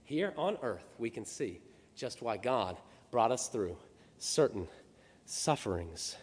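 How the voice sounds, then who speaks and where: A man preaching a sermon as pastor, swinging from hushed, slow words to loud, high outbursts. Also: sing-song. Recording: long reverb of a church hall.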